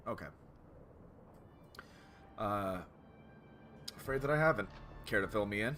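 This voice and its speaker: Lively chatty streamer man. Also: medium pitch, slow pace, pauses often, faint music behind. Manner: chatty, self-correcting, reacts to chat. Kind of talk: casual game stream chat and narration.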